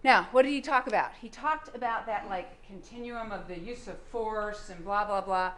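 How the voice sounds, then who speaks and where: A woman's voice: medium pitch, moderate pace, a bit bright, reverberant. A woman prosecutor delivering a courtroom closing argument, firing pointed rhetorical questions at the jury.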